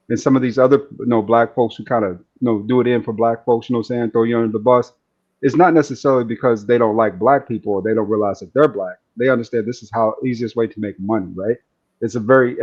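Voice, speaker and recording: A man, calmly analyzing other streamers in casual chat, often asking "you know what I'm saying". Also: mid-range voice. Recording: dull lo-fi stream audio.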